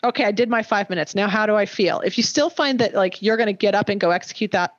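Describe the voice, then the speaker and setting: A woman's voice: medium pitch, fast, no room sound. A woman co-hosts a casual podcast, explaining coaching ideas in a chatty, patient way. She keeps checking in with her listener with "right?". The sound is dry and close, a bit dull up top. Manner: explanatory, says "right?" often. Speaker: podcast co-host, nutrition coach.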